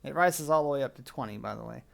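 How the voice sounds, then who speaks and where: A man narrating as game master of a tabletop game in a relaxed way, with fillers. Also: mid-range voice, fast, vocal fry.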